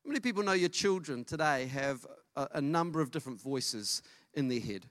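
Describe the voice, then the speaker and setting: A middle-aged man preaching a sermon as pastor, lively and storytelling, acting out dialogue. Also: a little high, a little fast, no echo, studio quality. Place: church service.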